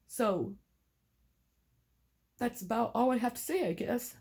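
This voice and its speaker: A woman's voice: on the high side, slow, a little mellow. A middle-aged mother speaking emotionally to camera, tearful and defiant, swearing in anger.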